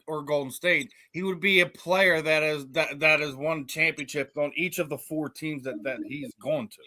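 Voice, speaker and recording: A man co-hosting a sports podcast, debating in a halting way with frequent restarts that build into emphatic points. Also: a little high, sharp tone. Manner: halting, many restarts, rises when making a point.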